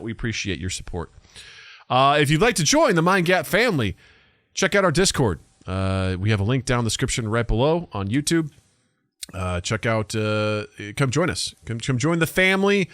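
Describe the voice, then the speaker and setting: A male podcast co-host in easygoing chat, his voice sitting in a middle register. The sound is dry and close to the mic. He gets loud and high when he acts out what others said. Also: no room sound. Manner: animated, quotes others in raised voices.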